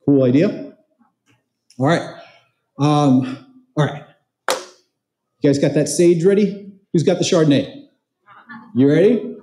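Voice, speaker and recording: A man with a slightly high, warm voice speaks slowly, leaving long pauses, as he gives a motivational talk at a conference. A real estate trainer, he chats with the audience, quizzes the crowd, and tells stories in a conversational way. The recording carries the roomy echo of the large event hall he's in.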